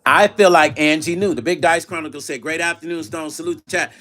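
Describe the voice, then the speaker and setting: Bright-voiced man livestreaming, music underneath. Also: on the high side, fairly quick. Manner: reads viewer chat aloud and retells calls in quoted dialogue. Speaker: vlog host. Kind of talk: casual livestream storytelling.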